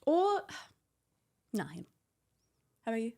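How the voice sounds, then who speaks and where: A young woman co-hosting a podcast, telling animated stories with lots of swearing and acted-out quotes. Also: on the high side, slow, gravelly. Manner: animated storytelling, acts out quotes, swears freely. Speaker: podcast co-host. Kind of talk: casual chat.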